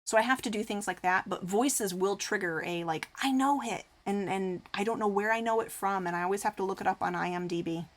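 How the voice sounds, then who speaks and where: A woman's voice: mid-range voice, fairly quick, hardly any pauses. A woman streamer chatting casually with her live viewers, rambling and full of fillers, reading comments aloud and answering them. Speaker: craft streamer.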